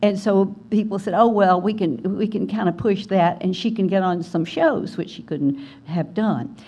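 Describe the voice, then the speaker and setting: An older woman from Alabama tells a story, at an easy middle pitch. She slips into the voices of the people in her tale. The recording sounds a little dull and lo-fi. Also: normal speed. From Alabama, USA. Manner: animated storyteller, acts out quoted voices. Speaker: guest speaker. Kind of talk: storytelling talk at a writers conference. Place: conference hall.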